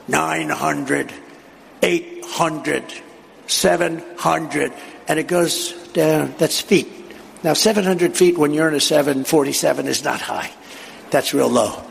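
A man with a gravelly, fry-edged voice pitched a little high tells a long, wandering story in a speech. He boasts and drifts off topic, and he acts out the back-and-forth dialogue as he goes. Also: slight background noise. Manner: boastful, digressive storyteller acting out quoted dialogue. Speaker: political speaker at a live event. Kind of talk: rambling anecdotal speech.

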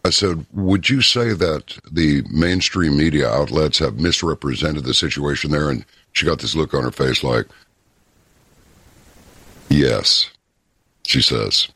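A man hosting a talk show, telling stories and giving opinions in a folksy, unhurried way. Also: a bass voice, a bit bright, breathy edge, no room sound. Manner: folksy, opinionated, storytelling with pauses. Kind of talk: casual talk radio commentary.

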